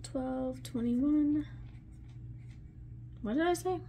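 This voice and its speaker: A woman's voice: high voice, drawn-out words, gravelly, mellow, a little hiss or hum. A woman vlogging at her desk at home, chatting casually while counting cash aloud under her breath with little asides. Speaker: budgeting vlogger.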